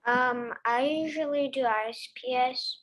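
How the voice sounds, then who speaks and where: A young student's voice over a video call, pitched fairly high. She asks her questions haltingly, pausing and filling the gaps with "uh" and "like.". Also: fairly bright tone. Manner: hesitant, halting speech with fillers. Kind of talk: casual question and answer.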